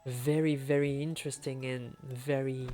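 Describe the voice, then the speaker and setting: A man's voice: medium pitch, little pitch movement, normal speed, over music. A man from France with a French accent, chatting casually and laughing often as he streams a speedrun. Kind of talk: casual live-stream commentary.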